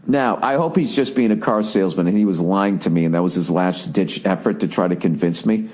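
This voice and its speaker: A man's voice: low-pitched, fairly quick, hardly any pauses, darkish tone. A man hosting a podcast, delivering a profane, sarcastic, exasperated comedic rant in a casual monologue. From United States. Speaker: podcast host.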